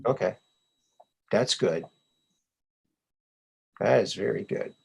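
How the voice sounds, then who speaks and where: A man hosting a casual chat show, relaxed, greeting viewers and trading corny old one-liners. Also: lowish voice, slow, gravelly, slightly rough. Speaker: host.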